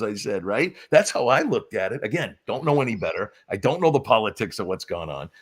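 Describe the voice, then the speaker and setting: A man's voice: fast talker, hardly any pauses, husky. A man with a New England accent telling wrestling stories as a guest in casual chat, acting out quotes in voices. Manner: animated, acts out quotes with high-pitched voices. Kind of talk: casual storytelling.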